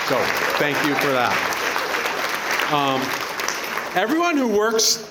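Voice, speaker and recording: Against a noisy background, a middle-aged man with a mid-range voice speaks as father of the bride at an outdoor reception. Full of energy and jokes, he walks the crowd through a Greek greeting.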